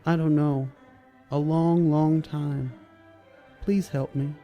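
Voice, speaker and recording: A man voicing a lonely little boy trapped in a well, speaking in a small, pleading, frightened way, with soft music behind. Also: fairly high pitch, fairly even intonation, slow, highs cut off.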